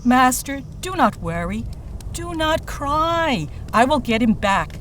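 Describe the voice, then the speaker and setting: A storyteller voicing bold Monkey, high and keen. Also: very animated, slow, a little hiss or hum, exaggerated voice. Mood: reassuring. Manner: bold, reassuring. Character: brave loyal male monkey hero. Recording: distant voice over loud music.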